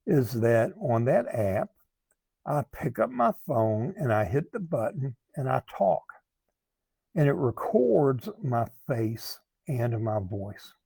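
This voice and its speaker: A man speaking as a recovery coach, giving earnest advice to camera in a slow, thoughtful way that often repeats words. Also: mid-range voice, gravelly, mellow, husky, no echo. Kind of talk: talking to camera, advice monologue.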